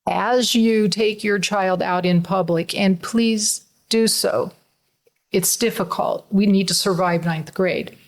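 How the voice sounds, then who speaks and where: A woman's voice: mid-range voice, fairly even intonation, takes it slowly. A middle-aged woman, a mother co-hosting a podcast, talking in an earnest, emotional, conversational way. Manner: earnest, emotional, laughs through tears.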